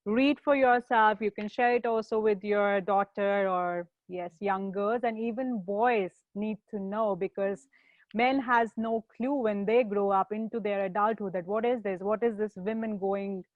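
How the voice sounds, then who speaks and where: A woman's voice: medium pitch, fairly even intonation, a little slow, no room sound. Female host on a tinny phone-like line. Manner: hesitant with many fillers. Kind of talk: hosting a live viewer Q&A.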